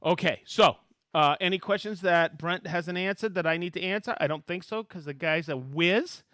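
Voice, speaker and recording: A man hosting a live tool demonstration stream, talking excitably, laughing often and calling out to the room as he reads viewer shout-outs. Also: high voice, normal speed, no echo.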